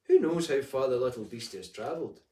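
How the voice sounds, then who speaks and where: A man voicing a kind-hearted old widow mother who talks in a homely, gently scolding way, recorded in an echoey room. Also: mid-range voice, lively intonation, fast talker, close to an everyday voice. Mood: kindly. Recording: echoey room, distant mic.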